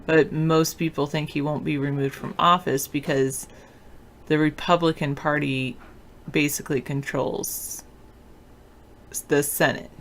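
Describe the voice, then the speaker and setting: Sleepy offhand host, gravelly creaky voice, just chatting w/ viewers. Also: mid-range voice, level tone, unhurried, fairly bright tone, a little hiss or hum. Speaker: teacher hosting a political talk show. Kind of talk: casual chat, reading and answering viewer comments.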